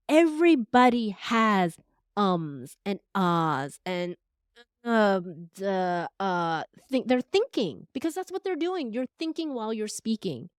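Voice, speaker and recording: A woman guest on a podcast interview, a voice coach talking in an expressive, animated conversational way. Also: medium pitch, no room sound, clean studio sound. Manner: expressive, animated, uses air quotes verbally.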